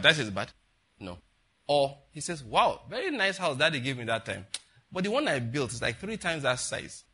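A man's voice: medium pitch, pushed and bright, breathy edge. An older man, a pastor giving a chatty, rambling sermon full of rhetorical questions to the congregation. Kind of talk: conversational sermon.

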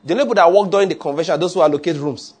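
High-voiced preacher, husky. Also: male voice, racing, darkish tone. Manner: conversational, keeps checking listeners follow. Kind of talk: sermon.

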